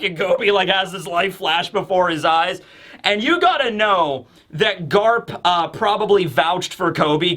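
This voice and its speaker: Excitable male manga reviewer, rambling casual commentary, high voice. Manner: excitable, rambling, lots of fillers.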